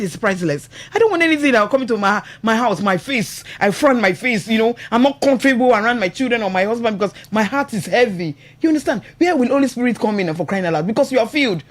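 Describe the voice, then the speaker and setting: A Nigerian woman hosting a radio talk show. She speaks with feeling and laughs often, checking in with "you understand?" as she goes. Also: fairly high pitch. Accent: Nigerian English. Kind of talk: casual radio talk about marriage. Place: radio studio.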